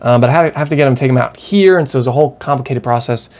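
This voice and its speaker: A man's voice: mid-range voice, racing, darkish tone. A young man, a college student, chatting casually to camera in a rambling, self-mocking way that is full of restarts. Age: young adult. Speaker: vlogger.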